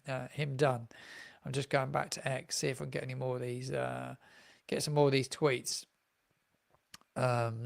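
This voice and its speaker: A man's voice: medium pitch, gravelly. A man who is a football fan content creator, chatting on a live stream, rambling and repeating himself with many ums. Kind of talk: live-streamed transfer deadline chat.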